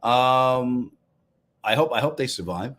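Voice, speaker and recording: A man's voice: mid-range voice, takes it slowly. Male comedian with a Long Island accent, hosting a casual live stream; dry, wry delivery. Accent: Long Island New York. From Long Island, New York. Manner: wry, deadpan storytelling with asides to viewers. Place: apartment room, indoors.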